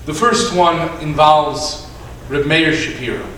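Man rabbi giving a dramatic sermon story, bright high voice, slow delivery, echoey hall at a distance. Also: a little hiss or hum. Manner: dramatic storyteller, acting out voices, swinging from shouts to hushed tones.

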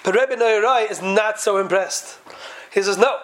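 A man's voice: sits high, moderate pace, fairly bright tone, poor audio. A man giving a Talmudic lecture to a class, posing question after question in a sing-song study cadence. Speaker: Torah teacher.

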